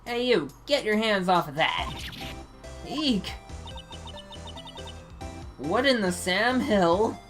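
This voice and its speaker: A woman's voice: medium pitch, animated, pitched above the performer's own voice. A woman voicing a brash, touchy southern photographer with a heavy drawl, reading a game aloud over game music. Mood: scolding. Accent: American Southern. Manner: heavy drawl, scolding, quick to bristle.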